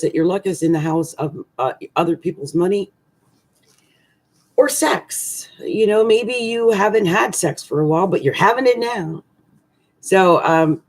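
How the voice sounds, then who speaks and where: A woman's voice: deep voice, darkish tone, breathy edge. A middle-aged woman astrologer rambling through a casual, tongue-in-cheek horoscope reading.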